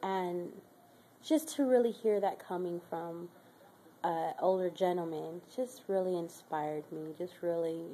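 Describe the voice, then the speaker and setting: A woman's voice: on the low side, unhurried, dark tone, a little hiss or hum. A woman in her twenties telling a heartfelt personal story in a casual vlog, rambling with many fillers and growing more emotional as she talks. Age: 20s. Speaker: caregiver. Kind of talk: personal faith vlog testimony.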